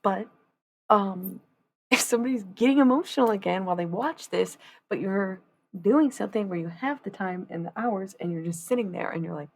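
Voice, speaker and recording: A woman's voice: mid-range voice, moderate pace, creaky, a little mellow. A woman chatting casually on a live stream as she paints, rambling and swearing freely in asides to her viewers.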